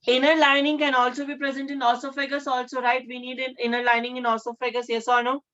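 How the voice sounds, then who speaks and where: A woman teaches a science lesson in a bright, fairly high voice. She keeps repeating key terms and checking in with her class. The audio is dull and lo-fi. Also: flat delivery, fast talker. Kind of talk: classroom lecture.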